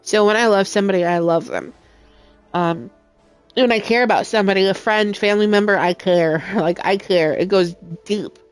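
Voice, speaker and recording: A woman's voice: medium pitch, brisk, smooth. A young adult woman streaming a game, talking in a heartfelt, emotional and rambling way with many fillers. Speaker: gaming streamer. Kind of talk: casual chat while playing. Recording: faint music in background.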